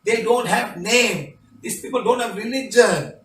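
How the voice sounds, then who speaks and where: A high-voiced man reads testimonials and comments on them, pressing his points with repeated "okay?" and "huh?". His voice is set back from the microphone in an echoing room, with a faint hiss of noise behind him. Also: a little slow, fairly bright tone, distant mic. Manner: emphatic, repetitive, tag questions like "okay?" and "huh?". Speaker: spiritual healing teacher. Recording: roomy, off-mic, faint background noise.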